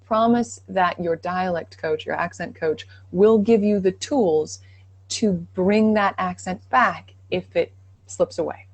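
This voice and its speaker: A woman's voice: on the low side, takes it slowly. A woman co-hosting a live accent Q&A, speaking in an encouraging, reassuring way. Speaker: co-host accent coach. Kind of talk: casual livestream advice.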